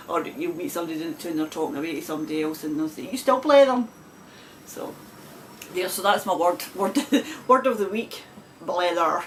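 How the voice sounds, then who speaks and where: A woman's voice: lowish voice, slight background noise. Chatty Glasgow woman with a broad accent. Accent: Glasgow Scottish. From Scotland. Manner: chatty, laughs often, rambling. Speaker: knitting podcast host. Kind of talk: casual chat to camera.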